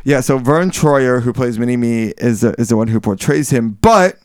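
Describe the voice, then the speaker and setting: A man's voice: medium pitch, moderate pace, clean tone, no room sound, clean studio sound. A man co-hosting a casual book-discussion podcast, rambling with frequent restarts and self-corrections. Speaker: podcast co-host.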